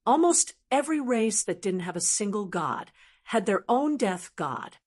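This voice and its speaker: A woman narrator voicing a calm male priest in an audiobook who speaks in a measured way. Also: mid-range voice.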